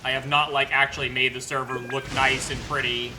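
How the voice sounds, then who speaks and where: Bright, chatty young male streamer. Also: medium pitch, flat delivery, brisk, a little hiss or hum, rough recording. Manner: chatty, joking, laughs often, mimics characters. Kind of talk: casual livestream commentary.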